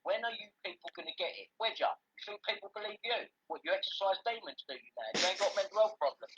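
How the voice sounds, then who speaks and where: A man's voice: high voice, lively intonation, fast, hardly any pauses, a bit bright, slight background noise. A man ranting angrily on a livestream, swearing constantly and confrontational. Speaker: livestream host. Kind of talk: angry ranting chat. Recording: dull lo-fi sound.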